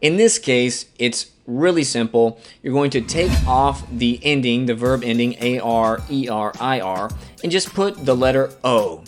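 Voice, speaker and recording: Southern American man teaching slowly. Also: mid-range voice. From Alabama, US South. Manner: patient, spells out words and repeats examples slowly. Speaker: language teacher. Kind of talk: scripted beginner grammar lesson. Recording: faint guitar music underneath.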